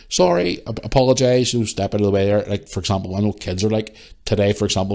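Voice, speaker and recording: A man hosting a podcast, ranting in a casual monologue, exasperated and swearing freely as he retells encounters. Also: on the low side. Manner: retells encounters with quick changes of voice. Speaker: podcast host.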